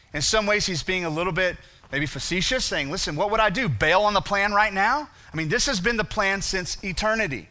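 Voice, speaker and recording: Bright-voiced man preaching a lively sermon. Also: on the high side. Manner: animated preaching with rhetorical questions. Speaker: pastor.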